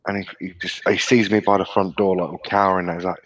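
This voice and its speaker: A man's voice: deep voice, little pitch movement, fast talker, rough recording. A man, co-hosting a podcast and telling childhood stories with constant swearing and laughter. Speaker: podcast co-host. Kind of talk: casual storytelling.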